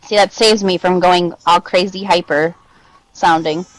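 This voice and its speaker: A woman reading a children's story aloud, animated and playful, chatting between pages. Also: on the low side, a little slow, low-quality recording.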